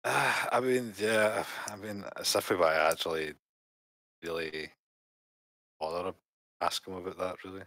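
A man with an extremely deep voice plays his character in a tabletop game over a call. He talks in a halting, hesitant way with many restarts. The audio is dry and close. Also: fairly even intonation, gravelly, fairly bright tone, dry recording. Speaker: player.

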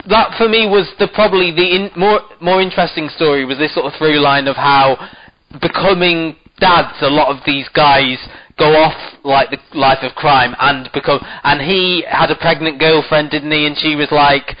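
A man's voice: a little high, fairly even intonation, normal speed, highs cut off. A man co-hosting a casual review chat, hedging and restarting often as he explains his view. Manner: hedging, restarts, many "sort of" fillers. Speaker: podcast co-host.

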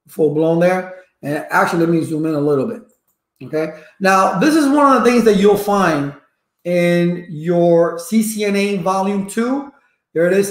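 A man's voice: sits high, roomy sound. A man running a live-streamed networking lesson, chatty and repetitive, stopping to greet viewers in the chat. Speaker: networking instructor.

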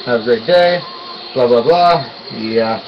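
A young man giving casual let's-play commentary, excitable and quick to yelp and groan when he fails. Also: medium pitch, dull audio, slight background noise. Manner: excitable, yelps and groans at failures. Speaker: gaming YouTuber.

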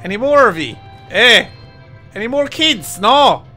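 A young man playing a horror game on camera, with a very high, bright voice that leaps all over the place. He drawls slowly, curses constantly and yells at the monsters, with faint game music behind him. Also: lively intonation. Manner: swears a lot and yells at enemies. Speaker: gaming YouTuber. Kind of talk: let's play commentary.

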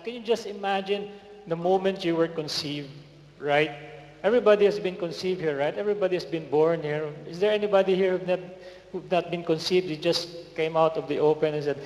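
High-voiced preacher in an echoey hall. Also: male voice, moderate pace. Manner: energetic call-and-response preaching. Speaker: guest preacher. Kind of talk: sermon. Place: large hall. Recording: echoey hall with faint noise.

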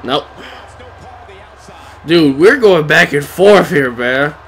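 A man's voice: fairly high pitch, expressive, slow pace. A man playing a wrestling video game, muttering and swearing at the screen in frustration. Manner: talks to himself and the screen. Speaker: gamer. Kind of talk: casual gameplay commentary.

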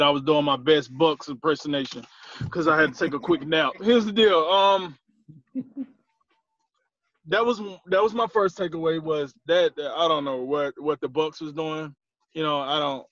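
A man co-hosting a casual sports chat, playfully trash-talking teams in an animated way. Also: fairly high pitch, moderate pace, dry recording, lo-fi sound. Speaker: podcast co-host.

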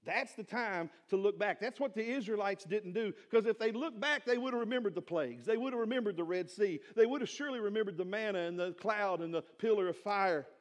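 High-voiced pastor preaching. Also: male voice, quick pace, hardly any pauses. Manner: animated preaching with rhetorical questions. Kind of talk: sermon. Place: church sanctuary.

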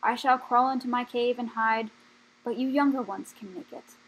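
A woman voicing an old, weary male dragon leader in a storybook reading, speaking slowly and gravely. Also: fairly high pitch, steady tone, poor audio. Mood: solemn.

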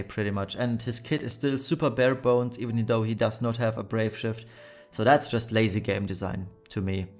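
A man with a lowish, creaky voice hosts a gaming channel, offering blunt, critical commentary on a mobile game that's loaded with fillers. His voice sounds a bit worn, as if it's wearing thin.

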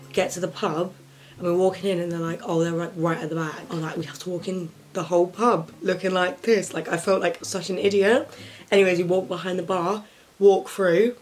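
A woman's voice: fairly low pitch, level tone, brisk. A young woman chatting to camera in her bedroom, telling a story full of fillers. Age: young adult. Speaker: vlogger. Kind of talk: casual chat to camera.

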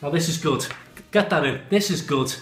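A man's voice: fairly high pitch, moderate pace. A young man presenting a mock makeup tutorial in a playful, mock-earnest presenter tone. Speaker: comedy vlogger. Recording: echoey room with faint music.

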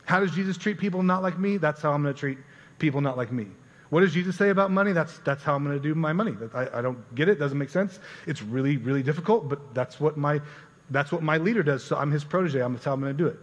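A pastor with a slightly high voice preaches fast in a church sanctuary, earnest and conversational and often repeating words. The recording has church hall reverb and cut-off highs.

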